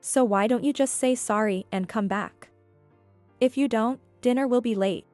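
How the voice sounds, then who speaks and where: A woman's voice: on the high side, moderate pace, a little mellow, no echo, faint music behind, lightly acted. A woman voicing a self-centered young adult son who talks in a dismissive, pushy way.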